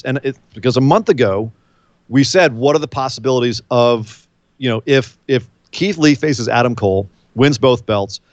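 A man co-hosting a casual wrestling podcast, telling match stories with energy and quick asides. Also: medium pitch, no room sound, dull audio. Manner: animated storyteller, mimics wrestlers' voices. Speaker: podcast co-host. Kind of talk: casual wrestling recap chat.

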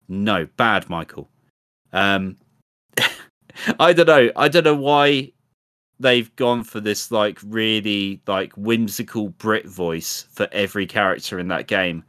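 British man, lowish voice, dry sound. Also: no echo. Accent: British English. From Britain. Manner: animated, mocking impressions. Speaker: podcast co-host. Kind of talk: casual chat.

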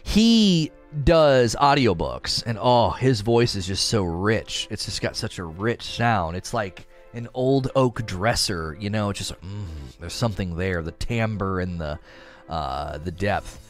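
A man chatting casually on a livestream, rambling and animated as he reads chat aloud. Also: fairly low pitch, takes it slowly, faint music behind. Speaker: streamer reading chat.

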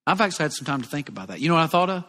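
A man from Alabama with a Southern accent, preaching a sermon in a folksy, animated, jokey way. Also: on the high side, racing. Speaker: pastor. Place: church auditorium. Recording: long reverb of a large church hall.

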